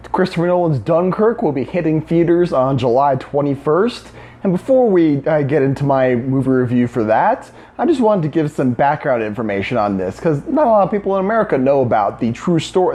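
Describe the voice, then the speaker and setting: A man hosting a casual history explainer, talking in a halting way with many restarts and filler words. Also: fairly high pitch, very animated, warm tone. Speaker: history video host.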